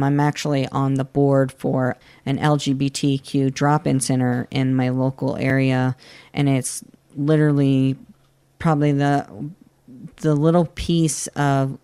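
Candid, halting man from Florida. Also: medium pitch, level tone, dark tone, smooth. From Florida, United States. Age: 30s. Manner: candid, halting, with many restarts and fillers. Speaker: guest. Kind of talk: personal interview.

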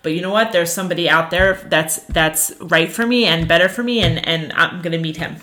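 A woman teaching a lesson on Jewish ethics, her voice low-pitched yet bright and forceful. She talks in an earnest, animated way, with plenty of fillers like "you know." She moves easily from teaching points to personal stories. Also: fairly quick. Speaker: religious teacher.

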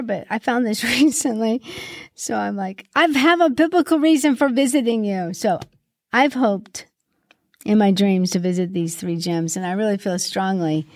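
A middle-aged woman hosting a reflective Christian podcast, asking gentle questions in an earnest way, sometimes choked up with grief. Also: medium pitch, no room sound, clean studio sound. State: grieving, occasionally choked up. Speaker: podcast host and Christian mentor. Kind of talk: reflective solo podcast monologue.

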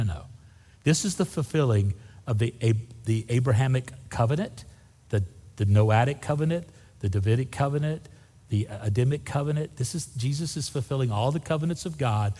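Man, animated sermon voice, long hall echo, scripture reading with acted voices. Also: medium pitch, a little fast. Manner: lively preaching, acts out Bible voices, casual asides. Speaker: pastor.

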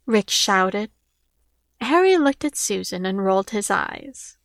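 A woman narrating a novel chapter in a steady, plain reading voice. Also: mid-range voice, unhurried, no room sound, clean studio sound. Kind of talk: audiobook narration.

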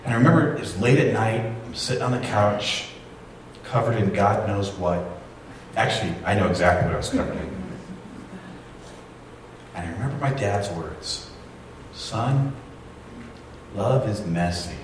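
A pastor in his forties preaches a sermon, recounting a family story with self-deprecating humor. His lowish voice has lively intonation, normal speed and frequent pauses. The hall is very echoey, the mic distant, with faint noise.

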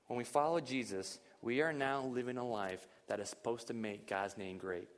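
Male pastor, lively conversational sermon, rhetorical questions, medium pitch, long hall reverb. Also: moderate pace. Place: church service.

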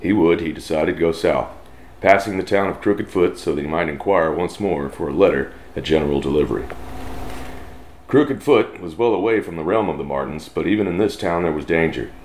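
Very deep-voiced Texan man reading a western. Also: brisk, darkish tone. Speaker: story reader. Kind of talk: reading a western story aloud.

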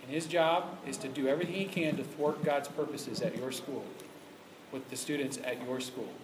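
A man's voice: medium pitch, normal speed. A man preaching to a youth ministry audience in an emphatic, conversational way. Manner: emphatic, conversational, acts out quoted voices. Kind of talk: sermon. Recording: echoey room with faint background noise.

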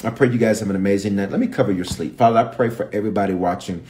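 A man with a Memphis accent, a bishop teaching the Bible on a livestream, telling the story with animated voices for the characters. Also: fairly low pitch, very fast, a little hiss or hum.

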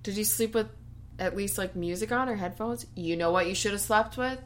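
A young woman co-hosting a podcast in casual chat, reacting warmly and laughing easily. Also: mid-range voice, fairly quick, a little hiss or hum. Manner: chatty, laughs easily, reacts to her co-host. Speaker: podcast co-host.

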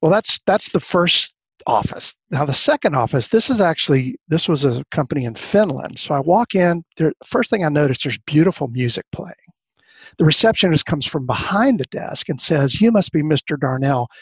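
A man as an interview guest, telling workplace anecdotes in an animated way and acting out the lines of the people in them. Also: on the high side, moderate pace, slightly rough, no echo. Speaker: guest consultant. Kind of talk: storytelling in a podcast interview.

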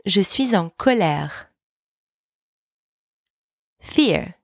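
A woman hosting a language lesson podcast, speaking slowly and clearly and repeating each phrase so listeners can practice. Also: mid-range voice, expressive, dry recording, studio quality. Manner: slow, careful, repeats French words for practice. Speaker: French teacher, podcast host.

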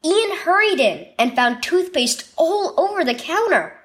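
A woman narrating a scripted children's devotional story with expressive storytelling. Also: very high-pitched, unhurried.

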